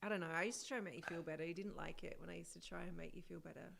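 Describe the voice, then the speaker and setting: A woman's voice: lowish voice, fairly even intonation, racing, gravelly, fairly bright tone. A woman chatting casually as the host's partner and co-host, in a teasing, chatty way. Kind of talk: casual chat.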